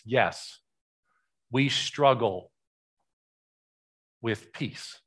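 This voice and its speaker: A man's voice: mid-range voice, fairly bright tone. A pastor giving a conversational sermon, asking the congregation rhetorical questions and shifting his emphasis often.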